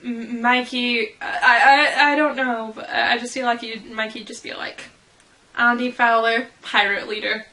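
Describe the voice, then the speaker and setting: A woman's voice: on the high side, fairly even intonation, normal speed, few pauses, sharp tone, low-quality recording. A young woman vlogging casually as a fan, rambling and giggling at herself. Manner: giggly, rambling, self-deprecating. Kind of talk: casual chat.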